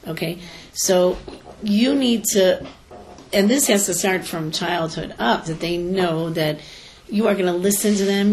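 A middle-aged woman and teacher giving earnest parenting advice in an animated conversational manner. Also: on the low side, a little hiss or hum, low-quality recording. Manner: earnest and animated, acts out quoted voices.

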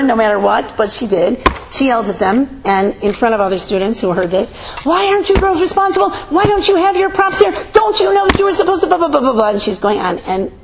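A woman giving an informal talk to an audience, telling stories animatedly, acting out quotes and asking rhetorical questions. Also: medium pitch. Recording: slightly muffled recording with faint noise.

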